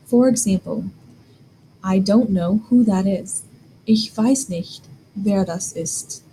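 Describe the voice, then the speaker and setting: A woman's voice: medium pitch, slow pace, mellow, slight background noise, rough recording. A woman teaching a German grammar lesson, explaining step by step and asking the learner questions.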